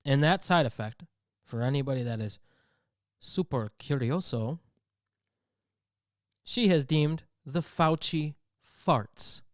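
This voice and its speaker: Brief: comedic podcast host, animated storyteller, clear voice, dry sound. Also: male voice, fairly high pitch, slow, long pauses, no room sound. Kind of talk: comedic rant.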